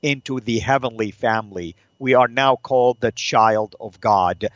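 A man in the host's chair, teaching scripture in an earnest, preacherly voice. He asks rhetorical questions and slows down on the phrases he wants to land. The recording is dry and a little dull. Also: mid-range voice, no echo. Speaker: host of a Christian teaching show. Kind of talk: Bible teaching talk.

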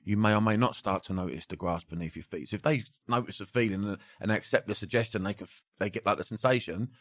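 A man's voice: on the low side, fast talker. A man talking as a hypnotherapist guest in a casual podcast chat, swearing freely and dropping his voice to demonstrate. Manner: swears casually, drops to near-whispers for demonstrations.

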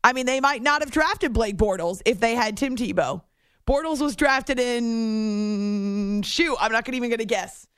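A woman hosting a sports radio show, telling a story on air in a chatty, animated way that often breaks off mid-sentence. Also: fairly high pitch, moderate pace, smooth, dry recording, clean studio sound. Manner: chatty, animated, self-interrupting. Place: radio studio. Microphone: studio microphone.

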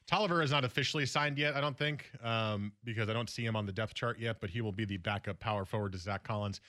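A man's voice: on the low side, fast talker, pushed and bright, no room sound, clean studio sound. A man hosting a sports radio show, talking through basketball news in a conversational way. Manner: conversational, analytical, with fillers.

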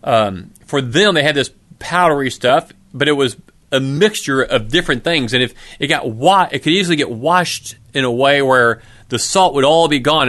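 A man's voice: medium pitch, a bit bright. A middle-aged man preaching a sermon in a conversational way, asking rhetorical questions.

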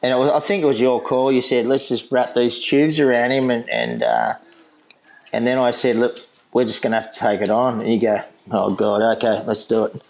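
A middle-aged Australian man with a gravelly, fry-laden voice recounts an old beach rescue to a mate. He talks loosely, with plenty of laughs, "mate" and the odd curse. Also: mid-range voice, level tone, moderate pace, a little mellow, rough recording. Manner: laughing, swearing, mate-heavy yarn-telling. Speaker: guest lifeguard. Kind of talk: casual storytelling chat.

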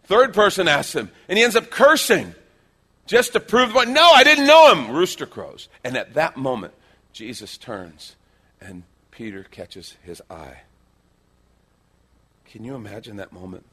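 A man preaching a sermon, telling stories with lively shifts into acted-out quotes. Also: measured pace, breathy edge. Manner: animated storytelling, acts out quotes with big pitch swings. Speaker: pastor.

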